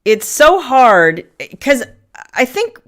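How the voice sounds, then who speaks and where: Middle-aged woman, livestream host, casual chat, smooth clear voice, lots of ums. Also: high-pitched, sing-song, slow, fairly bright tone. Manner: chatty, greets viewers by name, frequent ums. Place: home family room.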